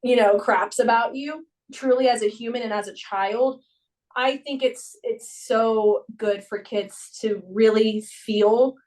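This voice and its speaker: Animated young woman, a little off-mic. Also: a little high, slow, far from the mic, poor audio. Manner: animated storyteller who acts out her own and children's voices. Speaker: gymnastics coach and podcast guest. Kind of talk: casual conversation.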